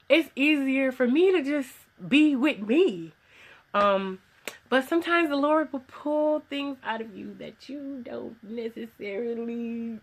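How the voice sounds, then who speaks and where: A woman's voice: mid-range voice, a bit bright. A woman, a small business owner, giving an earnest, rambling personal testimony in a casual vlog, recorded at home in her sewing room. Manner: earnest, rambling with restarts and quoted voices.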